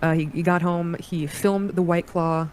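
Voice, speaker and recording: A woman's voice: fairly low pitch, flat delivery, normal speed, a little mellow, a little hiss or hum. A woman in an interview, recounting a personal story in a hesitant way, with many restarts and quoted bits of dialogue.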